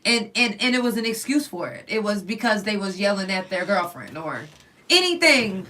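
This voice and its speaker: A woman hosting a podcast, telling stories in a blunt, profane, animated casual chat. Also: medium pitch, moderate pace. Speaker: podcast host. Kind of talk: candid casual chat, storytelling. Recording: voice somewhat distant from the mic.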